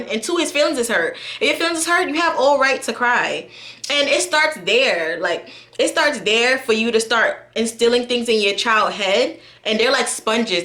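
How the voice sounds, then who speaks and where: Chatty New woman vlogger, bright tone, roomy echo; candid, talks straight to viewers. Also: on the high side. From New York. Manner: chatty, candid, lots of fillers, addresses viewers directly. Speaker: YouTube vlogger. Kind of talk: casual chat to camera. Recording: echoey room.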